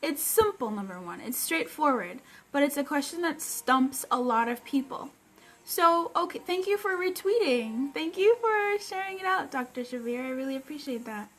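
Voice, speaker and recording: A woman's voice: high voice, moderate pace. A woman coach hosting a live stream, chatting upbeat with viewers and greeting them by name between points. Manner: upbeat, greets viewers mid-sentence, bursts of excitement. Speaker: personal development coach hosting a livestream.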